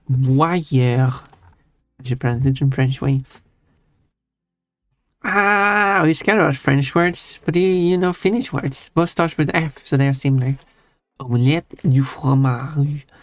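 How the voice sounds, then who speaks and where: A man's voice: medium pitch, normal speed, no room sound. A man streaming live, chatting casually and teasingly with his chat and chuckling often. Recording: faint music under voice. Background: soft background music.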